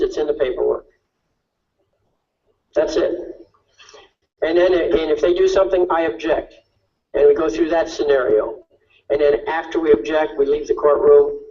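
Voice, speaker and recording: A man's voice: fairly high pitch, darkish tone, distant mic, muffled recording. A man giving an instructive talk on court tactics, asking rhetorical questions and often checking in with "okay?". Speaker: speaker on legal tactics. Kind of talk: lecture-style talk.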